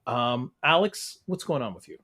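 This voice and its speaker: A man's voice: mid-range voice, moderate pace, sharp tone. A man hosting a podcast in a loose, joking chat with plenty of fillers. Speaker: podcast host. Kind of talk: casual chat.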